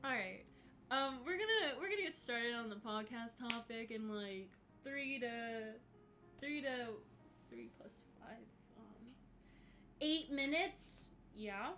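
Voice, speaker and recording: A young woman in her twenties hosts a casual livestream from her home, greeting chatters by name and swearing freely. Her voice sits high and sounds bright and sharp. Faint music plays softly beneath her. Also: lively intonation, takes it slowly. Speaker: podcast host live-streaming to chat.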